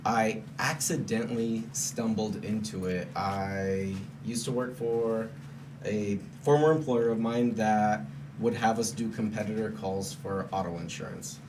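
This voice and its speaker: A man's voice: on the low side, a little slow, noisy background. A man from Romania, a comedian, telling a story in a casual interview, laughing often. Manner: laughing storyteller, self-deprecating. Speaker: comedian guest.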